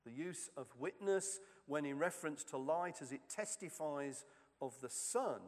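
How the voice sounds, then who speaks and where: Male preacher, unhurried and measured, long reverb behind him; sermon reading. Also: a little high. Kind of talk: sermon reflection.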